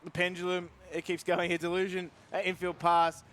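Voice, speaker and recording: Upbeat esports play-by-play caller. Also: male voice, high-pitched, completely flat delivery, normal speed, fairly bright tone. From Australia. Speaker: esports commentator.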